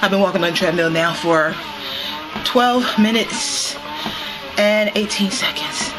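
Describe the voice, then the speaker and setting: A woman's voice: mid-range voice, lively intonation, measured pace, music in the background, rough recording. A woman vlogging casually to her viewers while walking on a treadmill at home, slightly winded, recorded on a handheld camera. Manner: chatty, addresses viewers as y'all, laughs often.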